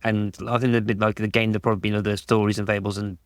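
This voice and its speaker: A man's voice: on the low side, flat delivery, very fast, clear, resonant tone, no room sound, clean studio sound. A man talking casually on a podcast, rambling and restarting his sentences with lots of "like". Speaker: podcast guest.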